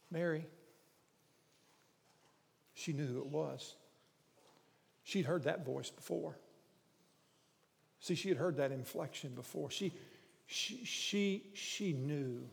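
A man preaching a sermon, moving between quiet, hushed storytelling and loud, emphatic preaching. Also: a little high, slow pace, vocal fry, pauses often. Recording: long hall reverb.

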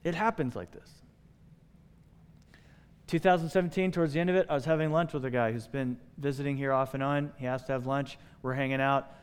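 Male pastor, sermon storyteller; clear, resonant tone with a long hall reverb. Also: mid-range voice, fairly quick. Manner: animated storytelling, acting out quoted voices.

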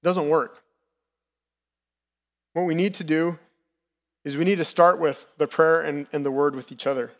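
A man's voice: fairly high pitch, fairly even intonation, normal speed, pauses often. A man in his thirties preaching a sermon in a candid, personal, conversational way as a lay preacher. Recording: long reverb from the hall.

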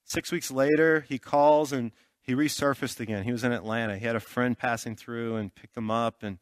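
Recorded dry with clean studio sound, a mid-pitched male pastor preaches a sermon by telling a personal story. His delivery is loose and chatty, packed with fillers, and he frequently checks in with the audience.

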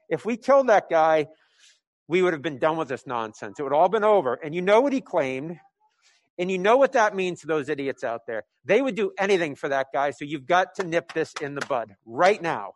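A man's voice: sing-song, a little fast, dry recording. A man playing an angry, frightened ruler who feels threatened, pressing harshly and urgently. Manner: high-pitched, urgent and harsh. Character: angry scared male temple ruler, threatened.

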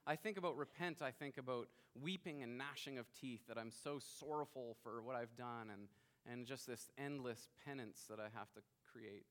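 A man in his thirties preaching a sermon as pastor, emphatic, rising to loud bursts and dropping quiet. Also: mid-range voice, normal speed.

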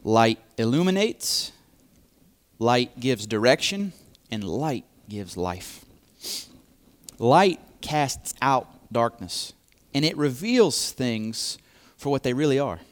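A man preaching a sermon, speaking deliberately and repeating key phrases for emphasis. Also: medium pitch, big pitch swings.

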